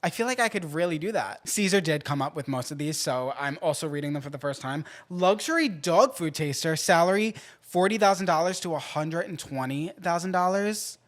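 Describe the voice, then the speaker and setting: Animated, playful podcast host. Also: male voice, fairly quick, few pauses. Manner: animated, playful, jumps between loud outbursts and low asides. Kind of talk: casual podcast chat.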